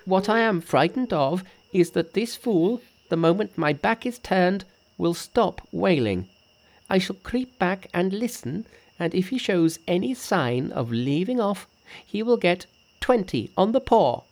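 A woman's voice: lowish voice, very animated, darkish tone, heavily acted. Woman reading Monkey, a bossy trickster sage. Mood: teasing. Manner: brisk, bossy, teasing. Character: boastful clever male monkey sage. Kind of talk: audiobook reading.

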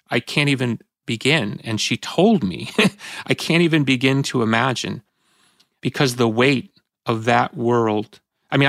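Gravelly man reflecting, halting. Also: medium pitch, fairly bright tone, dry recording, studio quality. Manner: halting, with restarts, emotional at times. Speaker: podcast host. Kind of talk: reflective conversational talk.

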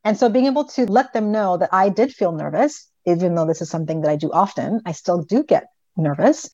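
A middle-aged woman explaining things as a psychologist guest in an interview, her voice sitting a little low. She tells stories animatedly, jumping into the voices of the people in them. The audio is dry and somewhat dull. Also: a little fast, no echo. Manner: animated storyteller, voices her children in quotes. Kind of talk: conversational interview.

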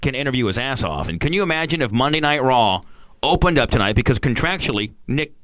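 A man hosting a radio talk show who keeps up quick, chatty interjections and follow-up questions. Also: mid-range voice, sing-song, a bit bright, dry recording, poor audio. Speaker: radio host.

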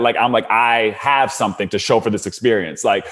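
A man's voice: on the low side, brisk, hardly any pauses, a bit bright. A young adult man casually telling a long personal story, with lots of "like" fillers and his voice rising when he gets worked up. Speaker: storyteller guest.

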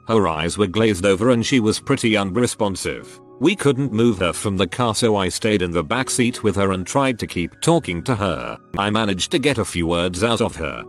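A man narrating forum stories aloud in a scripted reading. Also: lowish voice. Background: faint music.

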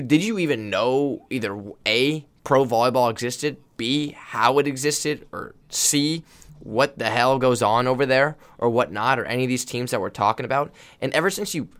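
A man's voice: medium pitch, a bit bright. A man, a college volleyball player, hosting a casual podcast in a playful, interrupting way. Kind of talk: casual chat.

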